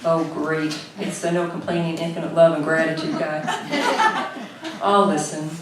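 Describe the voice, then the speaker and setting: A woman tells a comic story in a wry, exasperated tone. Her voice echoes through a roomy space and is picked up from a distance, with clear noise behind her. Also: deep voice, little pitch movement, moderate pace. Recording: echoey room, mic from a distance.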